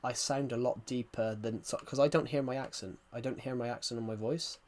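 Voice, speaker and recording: A steady, darkish mid-range voice moves fairly quickly over a little hiss or hum. The speaker, a rural Englishman with a thick West Country accent, rambles on his live stream, repeating phrases and addressing viewers as guys.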